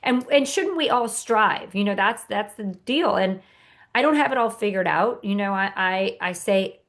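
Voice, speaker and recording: A woman's voice: medium pitch, expressive, normal speed, fairly bright tone. A woman author speaking as a podcast guest, earnest and motivational, with frequent fillers and restarts. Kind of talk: podcast interview.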